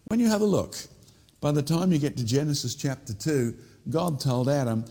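A man's voice: medium pitch, animated, normal speed, dark tone. A man presenting a teaching talk in an informal storytelling manner, often putting questions to the viewer. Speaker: creationist presenter.

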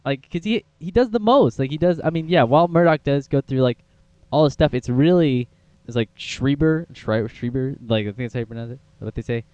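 A young man talks through a film review in a loose, rambling way, full of fillers and restarts. His voice is smooth and clear, recorded dry and a little dull. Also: medium pitch, expressive, fairly quick, darkish tone, no room sound. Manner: chatty, rambling, lots of fillers. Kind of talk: casual film review chat.

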